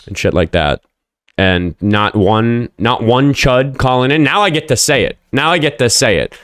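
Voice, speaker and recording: A man hosts a casual livestream, chatting and rambling while swearing freely and snapping back at commenters. His voice is fairly low, with clean, dry studio sound.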